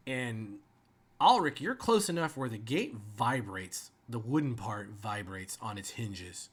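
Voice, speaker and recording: A man narrating as game master of a tabletop game, slow and descriptive. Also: medium pitch, fairly bright tone.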